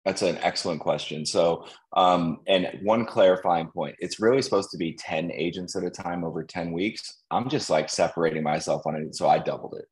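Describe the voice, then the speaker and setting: A man who coaches loan officers, giving an energetic motivational sales talk and acting out quotes. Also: deep voice, normal speed, few pauses, low-quality recording. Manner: energetic, acts out quoted voices.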